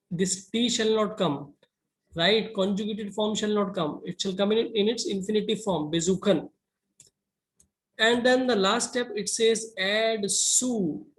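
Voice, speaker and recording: Language teacher, male, high voice, unhurried step-by-step lecturing with "right?" tags. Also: poor audio. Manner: slow, methodical, with repeated "right?" checks. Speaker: German teacher. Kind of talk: explaining grammar rules to students.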